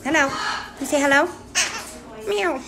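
In an indoor bird rescue room, a woman films a live-streamed feed on a handheld phone while caring for parrots. Between explanations to viewers, she speaks to the birds in a high, sing-song baby voice, expressive and unhurried, as loud parrot squawks and chatter fill the background.

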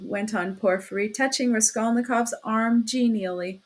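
A woman narrating a classic novel as an audiobook in a steady, measured storytelling manner. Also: mid-range voice. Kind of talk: audiobook reading.

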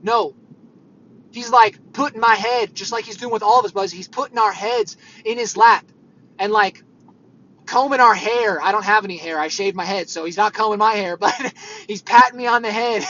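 A man's voice: sits high, moderate pace, pushed and bright. A man giving an earnest, conversational sermon that rambles with fillers, on dull lo-fi audio. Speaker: preacher. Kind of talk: informal sermon.

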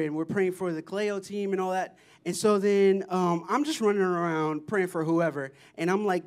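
A man with a notably high voice shares testimonies from a mission trip before a church. He tells the stories with excited, animated energy, often breaking into laughter. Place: church service.

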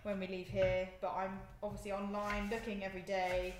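A woman's voice: mid-range voice, completely flat delivery, fairly quick, a little mellow. A young woman chatting to viewers during a live stream as she cooks in her home kitchen, often laughing. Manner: chatty, giggly, talks to viewers while moving around the kitchen. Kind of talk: casual live-stream chat while cooking. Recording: echoey kitchen, faint noise.

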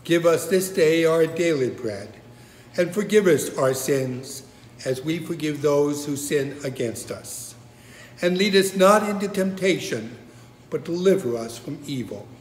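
A man leading prayer and preaching as pastor, measured and solemn, recorded in a church sanctuary. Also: fairly high pitch, expressive, a little hiss or hum. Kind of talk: prayer and sermon. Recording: reverberant hall.

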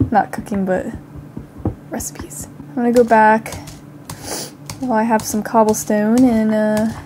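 Her voice sits on the high side, with a steady, dark tone and a slow delivery full of pauses, plus faint background noise. This young gaming channel host is slightly ill, coughing occasionally as she chats to herself through casual gameplay and breaks into panicked cries.

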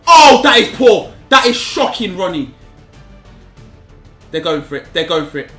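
A young man commentating live on his own football game, repeating himself and shouting in frustration at his players. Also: sits high, very animated, unhurried, roomy sound, soft background music. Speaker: gaming YouTuber.

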